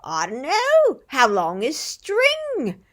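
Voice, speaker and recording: A woman's voice: high-pitched, wildly swooping pitch, takes it slowly, voice pushed up, heavily acted. A woman voicing a male knife sharpener with a British accent who tells dry, sarcastic jokes. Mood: wry.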